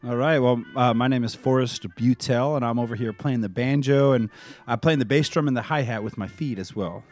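A man's voice: medium pitch, fairly quick, a little mellow, faint music behind. A man who plays banjo in a band, telling a rambling, laid-back story in a radio interview. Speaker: banjo player, band member. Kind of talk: casual chat.

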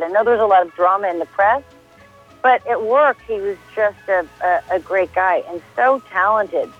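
A woman calling in to a radio show as the guest, chatty and upbeat. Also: mid-range voice. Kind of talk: phone interview. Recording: tinny phone line.

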